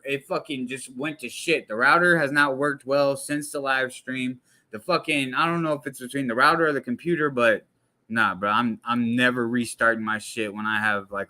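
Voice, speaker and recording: Young male streamer, slangy and profane, bright forward tone. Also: medium pitch. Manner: blunt and profanity-heavy, heavy slang. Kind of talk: casual livestream talk.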